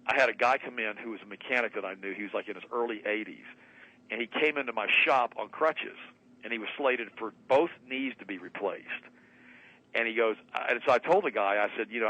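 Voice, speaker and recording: Fast, bright-voiced man telling a story. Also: medium pitch, low-quality recording. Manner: fast, emphatic, acts out both sides of a conversation. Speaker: radio show guest, health doctor. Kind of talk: animated storytelling on a talk radio show. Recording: radio broadcast.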